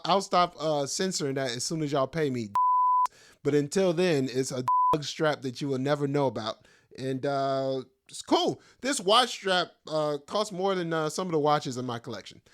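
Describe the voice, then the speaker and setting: With a fairly high, fairly bright voice, a middle-aged man runs his own podcast as a stand-up comic. He rambles in loose slang and teases himself throughout.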